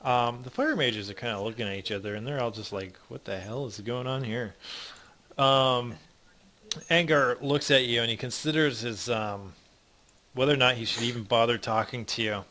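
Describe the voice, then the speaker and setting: A young man as dungeon master, narrating a tabletop game with many ums and pauses. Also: mid-range voice, bright, forceful tone. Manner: halting, many ums, voices gruff figures in passing.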